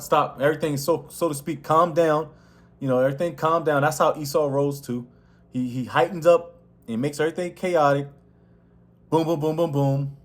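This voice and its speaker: A man leads a casual scripture lesson, talking in loose street slang and often restarting his sentences. His voice sits a little high for a man and carries easily. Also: a little mellow. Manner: slangy, rambling, many restarts. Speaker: Bible teacher.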